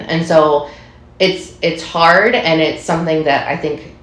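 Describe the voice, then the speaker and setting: A woman's voice: sits low, steady tone, a little slow, a bit bright. A woman co-hosting a podcast, a teacher and mother, talking things through in a casual, reflective chat. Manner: reflective, talks in long winding sentences. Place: enclosed room. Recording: roomy echo.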